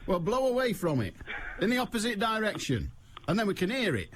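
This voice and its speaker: A middle-aged male radio host talks in a wry, teasing way, laughing at his own jokes. His pitch swoops up and down, and a faint hum sits under the studio sound. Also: sing-song, fairly quick, a bit bright. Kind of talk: chatty radio monologue.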